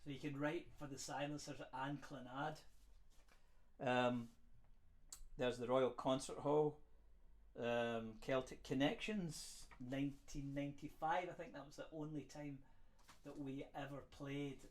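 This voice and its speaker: A man's voice: mid-range voice, fairly even intonation, a little slow. Rambling man reading clippings aloud. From Scotland. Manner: rambling, self-mocking, reads aloud with asides and chuckles. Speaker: musician reading old press clippings to viewers. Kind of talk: casual livestream chat.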